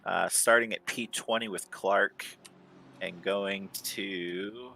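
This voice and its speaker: A man calmly calling an online sim race and plugging the channel. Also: sits low, gravelly, a little hiss or hum. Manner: unhurried, easygoing, plugs the channel. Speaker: sim racing commentator. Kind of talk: casual esports race commentary.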